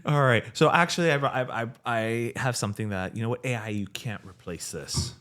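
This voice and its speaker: A man's voice: medium pitch, a little fast, fairly bright tone. A man co-hosting a podcast, ranting in casual chat and mocking voices he quotes. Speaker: podcast co-host.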